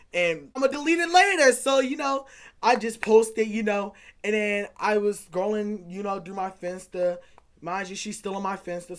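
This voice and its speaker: Young man rambling through a storytime. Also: high-pitched. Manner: rambling, animated retelling with quoted dialogue. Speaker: vlogger. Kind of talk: casual storytime.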